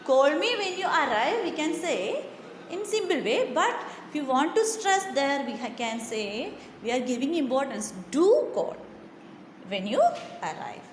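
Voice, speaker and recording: A woman teaching grammar, pausing often on "okay" and leaning hard on example words. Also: high voice, very animated. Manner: frequent "okay" and short pauses between points; stresses example words strongly. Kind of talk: explaining grammar in a recorded lesson. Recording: faint background noise.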